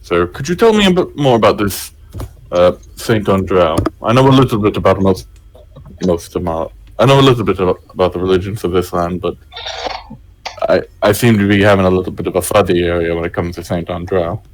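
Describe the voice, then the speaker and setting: A man's voice: low-pitched, brisk, slight background noise, lightly acted. A man doing a stiff unsmiling traveler. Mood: polite. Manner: polite, formal, hesitant. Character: gaunt, pale, unsmiling male traveler.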